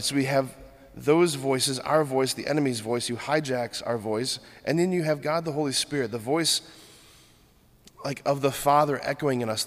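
A man preaching a sermon, earnest and steady, building his points through rhythmic lists. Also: mid-range voice. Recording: long hall reverb.

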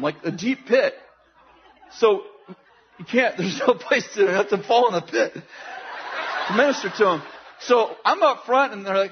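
A man preaching, telling a story in an animated way, often laughing and acting out what people said. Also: high-pitched, breathy edge. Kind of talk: sermon storytelling. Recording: dull lo-fi sound with faint noise.

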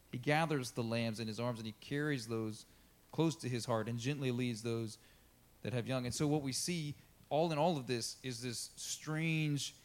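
Casual preaching man, loud scripture reading. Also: medium pitch. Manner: conversational preaching with fillers, rises when reading scripture. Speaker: pastor. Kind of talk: sermon.

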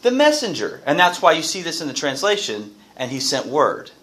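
A man's voice: fairly high pitch, wildly swooping pitch, moderate pace, fairly bright tone, low-quality recording. Guy teaching a bible class, voice rises and falls a lot, quizzes the group. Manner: questions the class, reads scripture aloud.

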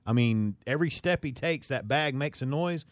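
A man co-hosting a radio show in a studio, telling a story with animated energy. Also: mid-range voice, normal speed, no room sound. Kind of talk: casual studio chat.

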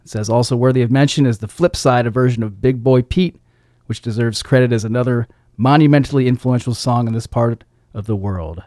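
A man's voice: medium pitch, fairly quick, darkish tone, dry recording. A man hosting a casual radio show on a studio microphone, reading record sleeve notes aloud in a laid-back way and chuckling at his own slips. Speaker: radio DJ host.

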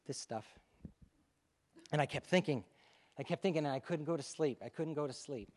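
A male pastor telling a lively story to his congregation during a sermon, in a conversational, animated way. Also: on the high side, big-room sound. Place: church sanctuary.

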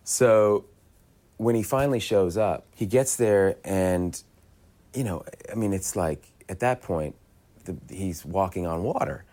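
A man's voice: low voice, measured pace. A man telling a story about a film set, acting out the other people in it. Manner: animated, mimics others' voices. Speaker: actor telling an anecdote. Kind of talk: storytelling on a talk show.

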